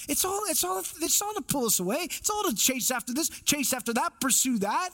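A man's voice: very high-pitched, expressive, brisk, few pauses, a bit bright. A male pastor preaching a sermon, emphatic, with repeated phrases and rhetorical questions.

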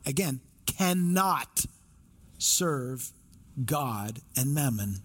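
A man's voice: mid-range voice, expressive, extremely slow, a bit bright. A male pastor preaching a sermon, emphatic, with repeated phrases and rhetorical questions.

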